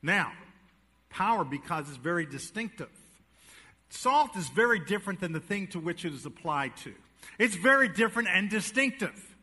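A man's voice: sits high, sing-song, normal speed, bright, forceful tone, breathy edge, long reverb tail. A male pastor preaching a sermon to his church, emphatic and folksy, asking the congregation questions. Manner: folksy joke-telling, then emphatic preaching with audience questions. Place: church sanctuary.

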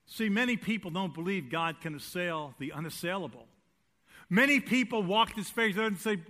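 A man preaching a sermon as pastor, swinging between loud emphatic declarations and hushed lines, and putting rhetorical questions to the congregation. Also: high voice, animated, normal speed. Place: church sanctuary.

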